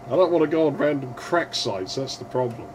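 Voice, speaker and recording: A man casually commenting while streaming a retro game, swearing freely and yelling at the screen now and then. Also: mid-range voice, animated, fairly quick, slight background noise.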